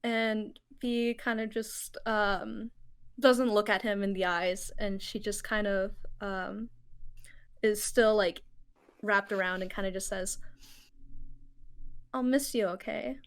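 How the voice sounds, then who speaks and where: A woman playing a tabletop role-playing game, narrating her character in a soft, hesitant way with many pauses and small giggles. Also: mid-range voice, fairly even intonation, clean tone. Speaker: player.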